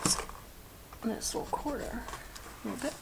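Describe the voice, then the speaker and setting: A woman's voice: fairly high pitch, normal speed, vocal fry, noisy background. Chatty woman crafting. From Georgia, USA. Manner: rambling, chatty, many fillers and restarts. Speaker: craft vlogger. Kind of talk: casual chat while crafting.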